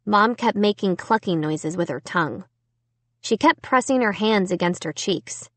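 A woman's voice: medium pitch, expressive, moderate pace, no room sound. A woman giving a scripted first-person audiobook narration.

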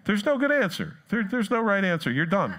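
Male pastor, slightly higher voice, casual and funny, acts out scripture while preaching. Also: brisk. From United States. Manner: conversational and joking, with lively retellings. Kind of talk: sermon. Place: church.

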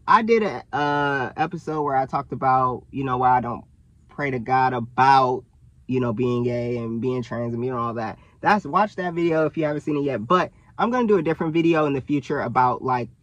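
A man's voice: medium pitch, dry recording. Young man, casual dry-sounding vlog. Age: young adult. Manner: animated, lots of fillers and self-corrections. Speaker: vlogger. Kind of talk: casual direct-to-camera talk.

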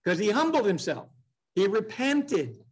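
A man with a fairly high voice leads a midweek Bible study in a church classroom. He talks in a plain conversational way, slowing down to read scripture passages aloud and putting questions to his class. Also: sing-song, a little mellow, breathy edge, low-quality recording. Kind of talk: casual Bible study teaching.

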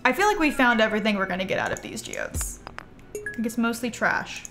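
A young woman chats her way through a game stream, playful and talkative, reacting aloud and talking to herself. Her voice sits high and swings widely in pitch. Faint game music plays quietly behind her. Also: huge pitch swings, brisk. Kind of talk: casual live-stream chatter while playing.

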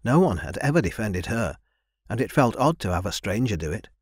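A man narrating a young adult fantasy audiobook in an even, measured reading. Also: fairly low pitch, slightly rough, dry recording, studio quality. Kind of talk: scripted narration.

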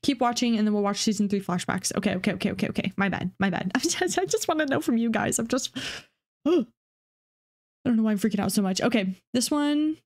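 A woman reacting to a video game in casual, rambling commentary, her voice sitting a bit high. She swears freely and talks through her confusion out loud with excitable energy. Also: brisk. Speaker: gaming reaction streamer.

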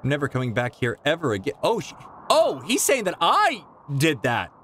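A man's voice: on the high side, wildly swooping pitch, moderate pace, a bit bright, a little hiss or hum. A man doing live commentary on a horror game, exclaiming and laughing as he plays. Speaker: streamer.

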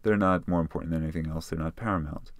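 Deep-voiced man explaining a test question. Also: steady tone, rapid-fire, dry recording, clean studio sound. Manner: conversational, thinking aloud with fillers. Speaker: test prep tutor.

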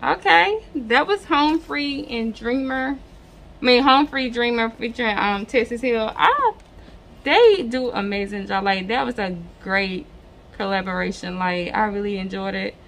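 Congested woman with a raspy, gravelly voice. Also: a little high, normal speed, fairly bright tone, slight background noise. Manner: enthusiastic, many fillers. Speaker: reaction video host. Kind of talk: casual chat.

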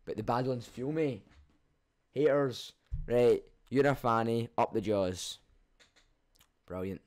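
A man's voice: mid-range voice, moderate pace, darkish tone. A young man with a Scottish accent, reading out his own channel's comments and reacting with cheeky, sweary banter. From Scotland. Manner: cheeky, swears freely, laughs at himself. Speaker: YouTuber.

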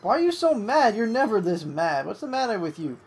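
Calling a match live, an excitable young gamer curses at rivals and breaks off to coax a pet in a lifted voice. His mid-range voice moves fairly quickly, with a faint hiss of noise underneath.

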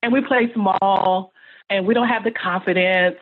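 A woman's voice: mid-range voice, fairly even intonation, normal speed. A middle-aged woman speaking as a podcast guest, earnest and motivational, building emphatic lists of words. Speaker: guest, speech-language pathologist. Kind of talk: podcast interview. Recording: tinny phone-like line.

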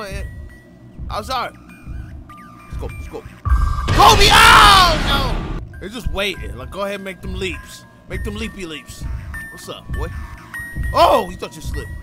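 A man giving loud, excitable commentary while playing a horror game, full of slang and yelling at jump scares. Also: extremely high pitch. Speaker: gamer.

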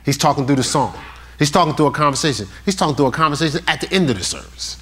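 Man, pastor, sermon, lively swinging pitch, slow scripture reading. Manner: animated, talks straight to the congregation with questions; reads scripture aloud slowly.

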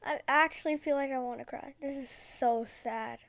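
A high-pitched woman talks through her game in a casual, slangy ramble, swinging between big excitement and mock despair. Her voice sits close and dry on the mic, with almost no room sound around it. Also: normal speed, no echo. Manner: chatty, dramatic, slangy, rambling. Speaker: gaming video creator. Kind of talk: casual gameplay commentary.

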